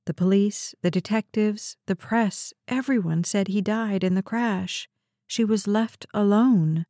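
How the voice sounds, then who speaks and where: A woman reading a suspense novel aloud as an audiobook narrator, in a steady, even storytelling read. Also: medium pitch, measured pace, no room sound, studio quality. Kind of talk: scripted narration.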